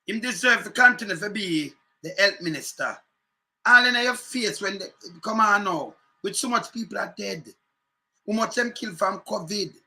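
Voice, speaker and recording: Jamaican male commentator, high bright voice, fiery and sarcastic, repeats points hard. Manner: fiery, repetitive, sarcastic, mixes patois. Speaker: political commentator. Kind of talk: heated political rant.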